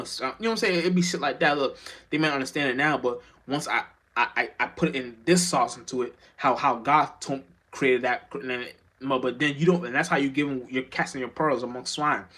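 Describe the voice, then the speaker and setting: A man's voice: medium pitch, fairly quick, sharp tone. Rambling, profane man preaching spirituality. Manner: rambling, profane, many restarts and stammers. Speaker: spiritual vlogger. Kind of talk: unscripted spiritual monologue.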